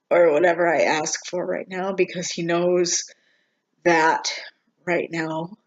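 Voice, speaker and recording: A vlogger talks through a casual personal update at a middling pitch. The delivery is subdued and halting, with frequent pauses and fillers. The recording sounds dull and lo-fi. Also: flat delivery. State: struggling emotionally, near tears.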